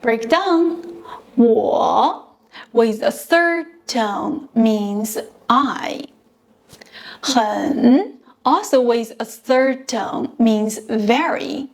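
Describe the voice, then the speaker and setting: A woman's voice: on the high side, expressive, drawn-out words. A woman narrating a scripted beginner language lesson as the teacher, carefully demonstrating syllables and tones one by one. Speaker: Mandarin teacher.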